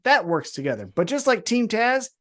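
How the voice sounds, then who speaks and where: Young male podcast co-host, lively, swears freely, loose chat. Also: sits high. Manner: animated, swearing, quick asides. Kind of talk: casual wrestling podcast chat.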